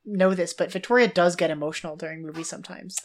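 A woman chatting casually as a podcast co-host, an animated storyteller. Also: on the low side, fast. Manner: animated storyteller, laughs and gets teary. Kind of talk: casual chat.

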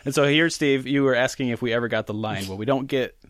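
A podcast co-host with a medium-pitched, fairly bright voice talks fast in a casual chat, recorded with clean studio sound and no room sound. He rambles and jokes, correcting himself as he goes.

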